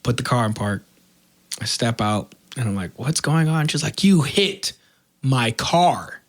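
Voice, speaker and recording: A man's voice: mid-range voice, unhurried. A man telling a story in casual chat, swearing freely and acting out the other people's lines. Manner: animated, swearing, acts out quoted voices. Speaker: podcast host.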